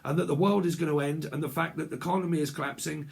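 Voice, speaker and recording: A man's voice: a little high, steady tone, very fast, gravelly. A man voicing a nosy, anxious person who is obsessed with the news and keeps pushing information on others. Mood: alarmed.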